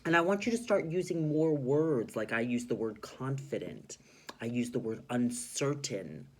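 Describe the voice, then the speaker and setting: A male teacher giving an expressive reading lesson to children, explaining how to voice story characters. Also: medium pitch.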